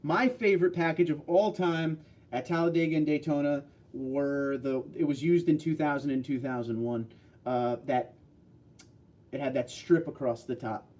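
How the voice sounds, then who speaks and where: A man's voice: on the high side, fairly even intonation, normal speed, darkish tone. A man from New York hosting a casual livestream, reading out viewer comments and bantering back.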